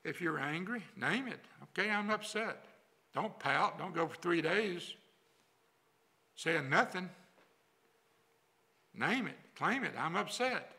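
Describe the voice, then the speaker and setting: Gravelly older preacher. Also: male voice, sits high, bright, forceful tone. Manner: folksy, repetitive preaching cadence. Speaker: pastor. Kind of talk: sermon. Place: church sanctuary.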